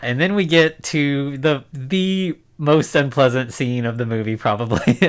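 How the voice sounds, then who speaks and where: A man's voice: medium pitch, unhurried, clear, resonant tone. A man co-hosting a podcast, recapping a movie in loose, rambling chat that is full of "like" and "you know". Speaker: podcast co-host.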